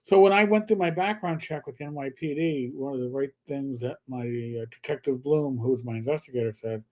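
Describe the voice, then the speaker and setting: A man co-hosting a live stream, telling a story in a casual, lively way, with some swearing and stumbling repeats. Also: medium pitch, a little fast. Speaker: co-host.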